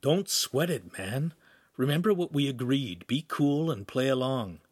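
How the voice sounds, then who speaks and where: Man voicing a calm teenage boy, easygoing, reassuring, storybook. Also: mid-range voice, a little slow, no room sound.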